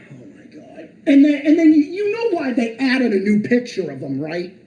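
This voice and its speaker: A man's voice: extremely high pitch, wildly swooping pitch, moderate pace, a little mellow, roomy sound, highs cut off. A man streaming an angry, profane and sarcastic rant, sounding exasperated.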